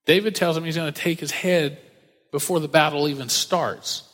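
A man preaching in a relaxed, conversational sermon, his voice sitting a little high for a man. He acts out the voices in the stories as he goes. The sound carries a long reverb, like a large hall. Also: moderate pace. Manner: animated storytelling, acts out quoted voices. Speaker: pastor. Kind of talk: casual sermon.

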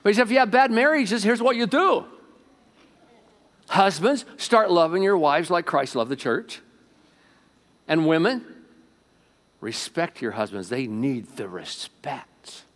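A man preaching a sermon to a congregation as pastor, swinging between loud emphatic lines and quiet asides, often asking the room questions. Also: high-pitched, animated, unhurried, pauses often. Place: church sanctuary before a congregation.

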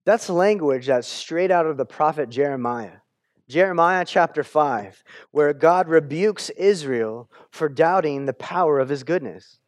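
A male pastor preaching a sermon in a conversational way, often restarting his words and giving the quoted scripture lively voices. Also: fairly high pitch, a little slow, no room sound, clean studio sound.

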